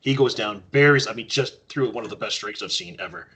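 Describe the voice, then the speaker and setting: A man from Canada tells casual stories on a podcast where he's a guest, voicing quoted lines with animation. His voice is mid-range, slightly rough, and fairly quick.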